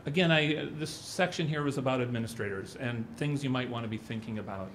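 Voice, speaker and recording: A man's voice: medium pitch, fairly quick, a bit bright, slight background noise. Middle-aged man telling a rambling story. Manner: rambling storyteller who acts out quotes. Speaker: conference speaker. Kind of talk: anecdotal conference talk.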